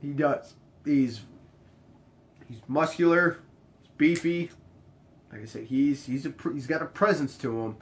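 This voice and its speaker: A man's voice: unhurried, pauses often. A young man casually telling a bartending story, acting out each exchange with sudden jumps up in his voice. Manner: animated, acts out the dialogue, jumps high in pitch when quoting others.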